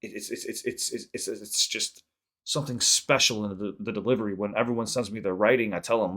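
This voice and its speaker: Reaction-channel host, male, slightly low voice; loose, sweary, heartfelt rambling with restarts. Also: quick pace, fairly bright tone. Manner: rambling and earnest, swears freely, stumbles and repeats words. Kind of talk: casual reaction vlog talk.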